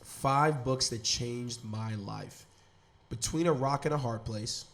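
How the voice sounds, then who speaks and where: A man's voice: medium pitch, takes it slowly, vocal fry, a bit bright. A man hosting a podcast in casual chat, enthusiastic and rambling with slang. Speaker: podcast host.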